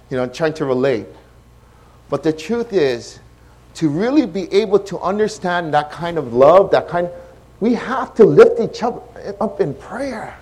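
A man preaching a sermon as pastor, impassioned, shifting between hushed and loud delivery. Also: sits high, big pitch swings, a little slow, slightly rough.

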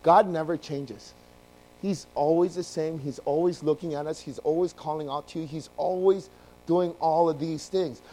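Animated high-voiced male preacher. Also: normal speed, rough recording. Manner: animated storytelling, acts out voices; addresses congregation directly. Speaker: pastor. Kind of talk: sermon.

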